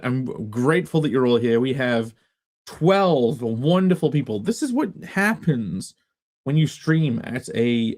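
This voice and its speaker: Lively, wry English man streaming. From England. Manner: meandering and wry, with big pitch swings. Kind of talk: casual live-stream chat. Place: half-emptied home streaming room.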